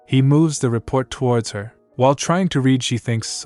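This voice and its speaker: A man narrating a comic story recap in a plain, steady, slightly stilted reading. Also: mid-range voice, normal speed, few pauses. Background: faint music.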